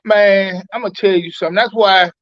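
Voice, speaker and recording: A man's voice: high voice, steady tone, fairly quick, a bit bright, no room sound, muffled recording. A man co-hosting a live talk show, talking bluntly and swearing freely. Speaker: co-host. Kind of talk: casual live show chat.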